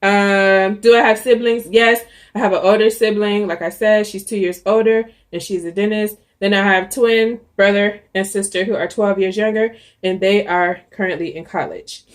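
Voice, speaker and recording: A woman's voice: mid-range voice, fairly even intonation, moderate pace. A young adult woman vlogging, talking casually and candidly to the camera, with frequent ums and restarts. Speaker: YouTuber.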